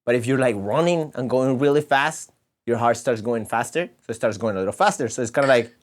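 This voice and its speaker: A man's voice: medium pitch, slight background noise. Patient man teaching kids rhythm. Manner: counts beats aloud slowly, patient explaining to kids. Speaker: music teacher. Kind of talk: children's music lesson.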